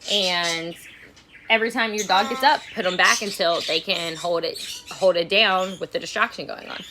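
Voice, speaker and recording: On a casual home livestream, a woman who trains dogs talks openly as she gets ready, repeating herself a lot. She speaks at a moderate pace in a lowish voice over background noise, picked up by a phone or camera at arm's length.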